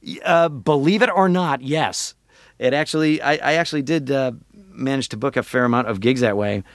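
A man, a voice actor and comedian, talking in a casual interview with animated, jokey delivery and lots of filler words. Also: medium pitch, normal speed, no echo, clean studio sound.

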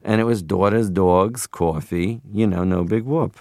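Playful low-voiced man from Canada. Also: a little slow, darkish tone, no echo, clean studio sound. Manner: playful, rambling, slips into funny voices. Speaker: interview guest. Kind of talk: radio interview conversation.

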